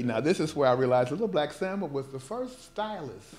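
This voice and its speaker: A man with a fairly high voice reads a children's story aloud to a live audience, in a lively performer's delivery. He keeps stepping out of the text with wry, laughing asides. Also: brisk. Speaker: performing artist. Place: live performance event at an art gallery.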